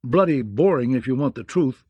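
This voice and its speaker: A man voicing a gruff, bawdy, blustering male knight in an audiobook, with a mocking, growling manner. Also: medium pitch, animated, normal speed, dry recording, muffled recording, close to an everyday voice. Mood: grumbling. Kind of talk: audiobook character voice.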